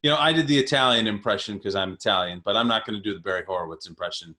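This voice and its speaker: This podcast co-host, a man in his 30s, talks rapid-fire in a lowish voice that sounds pushed and bright. He chats casually and energetically, laughing a lot and leaning heavily on fillers.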